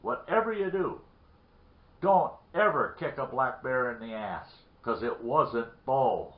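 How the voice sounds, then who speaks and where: A man voicing a tipsy old backwoods man who is shaken but boastful, in a drawling, excited way. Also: on the high side, moderate pace, lightly acted. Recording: roomy lo-fi recording.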